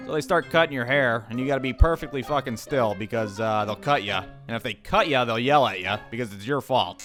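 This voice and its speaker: A man tells a childhood story for an animated comedy, swearing freely and sounding sarcastic and exasperated. His pitch sits in the middle of the usual range. Light music plays faintly under his voice. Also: fairly quick, few pauses.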